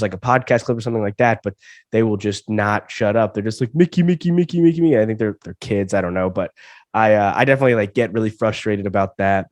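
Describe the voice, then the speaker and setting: Sick young man, lowish voice, dry sound. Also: no echo. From Alabama, US. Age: 20s. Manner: stammering restarts, repeats words. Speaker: comedian guest. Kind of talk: casual interview chat.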